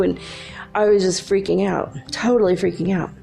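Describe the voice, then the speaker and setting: A middle-aged woman hosting a podcast, telling a dream in a chatty, animated way and laughing often. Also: on the low side, normal speed, creaky, soft background music. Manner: chatty, animated, laughs often, quotes herself and her son. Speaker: podcast host. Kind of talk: casual spiritual storytelling.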